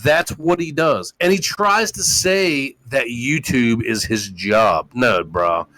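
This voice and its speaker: A man's voice: slow, low-quality recording. A man hosting a call-in live stream, ranting in a crude, mocking way with constant swearing. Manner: loud, mocking and crude, swinging widely in pitch. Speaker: talk show host. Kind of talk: profane live-stream rant.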